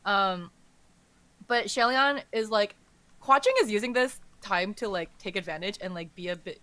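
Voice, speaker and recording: A woman's voice: mid-range voice, moderate pace, fairly bright tone, no echo. A woman hosting a podcast in casual chat, peppering her talk with "like" and "um". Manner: chatty, fills with "like" and "um". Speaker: podcast host.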